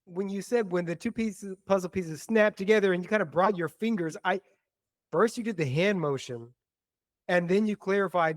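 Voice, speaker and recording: A man's voice: sits high, lively intonation, moderate pace, no room sound, studio quality. A young man co-hosting a podcast, casually teasing his co-host with exaggerated jokey reactions. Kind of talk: casual chat.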